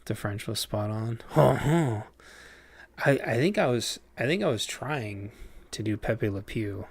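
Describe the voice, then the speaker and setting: A man's voice: on the low side, animated, normal speed, husky, dry recording. A man casually chatting on a livestream while playing a game, rambling with lots of fillers and restarts. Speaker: game streamer.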